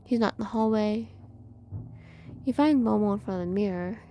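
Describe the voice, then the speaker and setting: Woman, horror game narration, measured delivery, mellow tone, faint hum. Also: mid-range voice. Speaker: narrator reading a horror visual novel.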